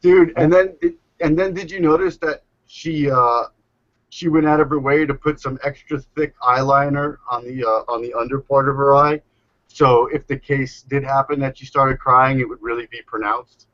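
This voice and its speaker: A man's voice: mid-range voice, fairly even intonation, normal speed, a bit bright. A man hosting a casual group video chat, rambling and mocking, in slang. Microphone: webcam mic on video call. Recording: lo-fi online call audio.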